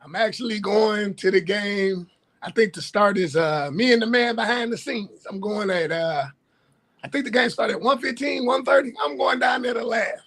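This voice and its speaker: A man co-hosting a casual sports talk livestream, telling stories with laughter and loud bursts. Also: high voice, moderate pace, vocal fry. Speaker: co-host. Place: livestream call.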